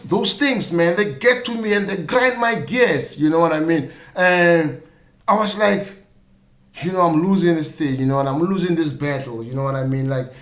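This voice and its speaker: A man's voice: fairly high pitch, roomy sound. A South African man hosting a podcast, giving loose, opinionated commentary full of "you know what I mean" fillers. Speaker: podcast host.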